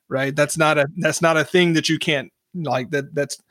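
A man hosting an interview in a loose, chatty way, full of "like" and "um", his voice sitting a touch high. The sound is dry and close, with no room around it. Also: brisk, few pauses, a bit bright, no echo. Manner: conversational, many fillers and restarts. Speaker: podcast host. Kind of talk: casual interview chat.

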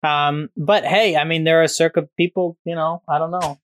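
A man's voice: fairly high pitch, steady tone, moderate pace, fairly bright tone, dry recording. A man on a podcast, chatting casually in a rambling, profane, joking way. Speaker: podcast guest.

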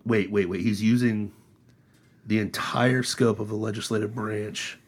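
A man hosting a casual political chat podcast, sarcastic and animated. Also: on the low side, unhurried, breathy edge. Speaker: podcast host.

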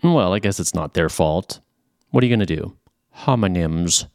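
A man with a Southern California accent, hosting a podcast and reading out a joking letter in a playful, animated way. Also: low-pitched, moderate pace, dry recording, studio quality. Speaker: podcast host.

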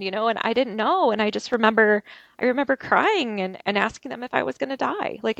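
Gravelly-voiced woman recounting an ordeal. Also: a little high, lively intonation, a bit bright, no echo, muffled recording. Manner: halting, emotional, many restarts. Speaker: interview guest. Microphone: video call.

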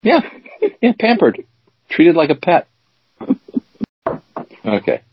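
A man co-hosting a casual chat show, teasing his co-host and reading word definitions out slowly. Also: on the high side, wildly swooping pitch, slight background noise. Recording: dull dry lo-fi recording.

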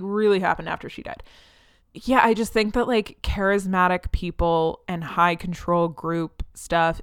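A young woman with a smooth, clear voice talks through a podcast episode in loose, chatty commentary. She sprinkles her sentences with fillers and slips into animated voices when quoting people. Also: mid-range voice. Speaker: podcast host. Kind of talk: casual commentary monologue.

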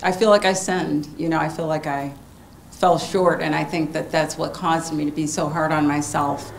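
A woman's voice: low-pitched, steady tone, normal speed, gravelly, slight background noise. A young woman sharing her feelings earnestly at a church meeting, open and self-questioning. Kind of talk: personal sharing in a church talk.

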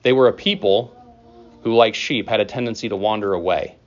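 Low-voiced pastor preaching casually. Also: male voice, highs cut off. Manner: conversational preaching with casual asides and quick laughs. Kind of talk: sermon.

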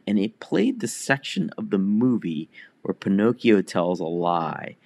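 Man, middle-aged, very low pitch, halting conversational delivery, soft laughs, dry sound. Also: dry recording. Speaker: newsletter writer and comedian. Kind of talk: personal reflective monologue.

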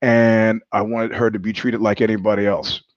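Speaking at a moderate pace in a lowish, level voice, this man hosts a podcast and wanders through a lengthy story, cursing and laughing mid-sentence. The recording is dry and muffled.

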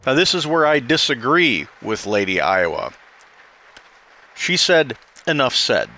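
A fast-talking man delivering political commentary. His voice is bright, and his pitch swings widely. He presses his points with pointed rhetorical questions. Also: big pitch swings.

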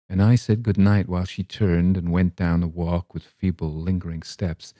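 A man reads a classic story aloud in a measured, gentle way. His voice is low and dark, and the sound is close and dry. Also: little pitch movement, no echo. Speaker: reader. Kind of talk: storybook reading.

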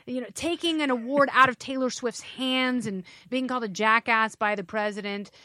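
A middle-aged woman guesting on a podcast, joking quickly and laughing often in casual banter. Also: on the high side, fairly even intonation, pushed and bright, no echo, studio quality. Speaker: guest, fellow show host.

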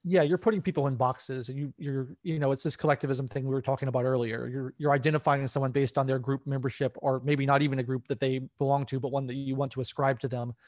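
A man's voice: mid-range voice, fairly even intonation, fast talker, hardly any pauses, darkish tone, no room sound, studio quality. A man who is an author, a guest on a podcast, speaking in an articulate, fluent way. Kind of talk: conversational interview.

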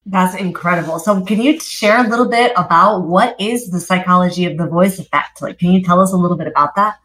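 A woman's voice: fairly low pitch, brisk, fairly bright tone. A woman hosting an interview, chatting casually and rambling a little, with many restarts. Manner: rambling, many "I mean" and "you know" restarts. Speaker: podcast host. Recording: roomy echo.

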